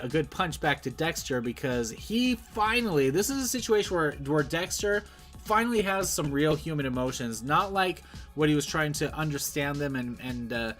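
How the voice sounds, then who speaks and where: A man giving a casual, rambling spoken review of a TV episode, often correcting himself and trailing off, with bursts of enthusiasm. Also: medium pitch. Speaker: show reviewer. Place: at home, streaming.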